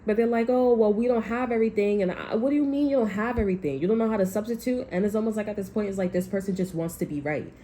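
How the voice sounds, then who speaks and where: A woman's voice: medium pitch, lively intonation, racing, few pauses, mellow, a little hiss or hum. A woman giving a casual tarot reading, talking in a blunt, profane, rambling way. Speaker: tarot reader.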